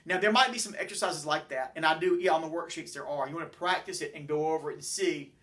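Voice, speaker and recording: A man with a somewhat high voice gives a chemistry lesson at the chalkboard. He rambles and corrects himself as he goes, talking through his drawings and models in a loose, unscripted way. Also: fast, bright, forceful tone. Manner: rambling, self-correcting, talks while building models. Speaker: chemistry teacher. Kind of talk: classroom lecture with chalkboard and models.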